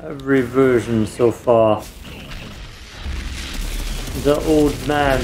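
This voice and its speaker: A man's voice: medium pitch, steady tone, slow, gravelly, pauses often, darkish tone, a little hiss or hum. A man giving casual, self-mocking commentary while he plays a video game. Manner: dry, self-mocking remarks while playing. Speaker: gameplay streamer. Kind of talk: casual let's play commentary.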